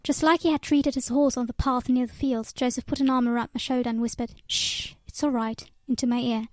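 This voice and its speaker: A woman's voice: high voice, fairly even intonation, fast, darkish tone, no echo. A woman reading a novel aloud and voicing its characters with little change. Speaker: audiobook reader.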